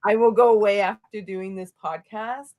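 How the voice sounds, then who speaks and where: A woman hosting a podcast interview, speaking earnestly and haltingly, with many fillers and restarts. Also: medium pitch, fairly even intonation, a little mellow. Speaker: podcast host. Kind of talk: conversational interview.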